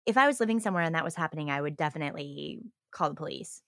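A woman's voice: low-pitched, animated, racing, creaky, fairly bright tone, dry recording, studio quality. A woman co-hosting a podcast in casual chat, reacting and asking questions about the case. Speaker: podcast co-host.

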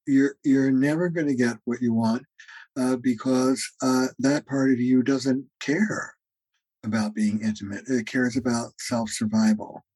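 Husky-voiced man teaching in a mellow tone. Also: medium pitch, steady tone, a little slow, no room sound, low-quality recording. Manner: earnest, teaching tone, acts out quoted arguments, frequent "uh" fillers. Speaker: guest therapist and author. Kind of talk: podcast interview, explaining ideas.

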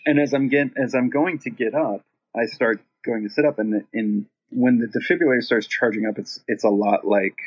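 A middle-aged man with a husky, slightly breathy voice tells a sprawling story in a relaxed interview. He rambles and swears freely, jumping into other people's voices as he goes. The audio is dull and lo-fi. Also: medium pitch, moderate pace, few pauses. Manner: rambling, profane, animated when quoting himself and others. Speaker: guest, rock singer.

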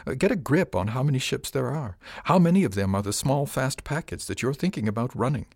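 A man doing a raspy, shrewd old mentor. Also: medium pitch, animated, a little fast, no room sound, studio quality, voice pushed up. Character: older male mentor, shrewd and wry.

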